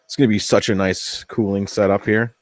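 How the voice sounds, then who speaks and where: A man hosting a casual workshop build vlog, chatty and thinking aloud as he tests his machine, easily excited when something works. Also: fairly low pitch, brisk. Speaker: 3D printing hobbyist host.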